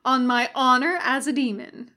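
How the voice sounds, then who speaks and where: A woman's voice: high-pitched, fairly even intonation, moderate pace, pushed and bright. A woman voicing a breezy, sly male demon. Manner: breezy, chatty and wheedling. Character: cheerful sly male demon, smooth schemer.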